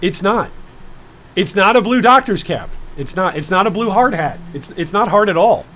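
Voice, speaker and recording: A man's voice: sits high, expressive, normal speed, fairly bright tone, slight background noise. A man in his thirties joking around with viewers while streaming live. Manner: playful, jokey, chatting to viewers. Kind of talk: live-stream reaction chat.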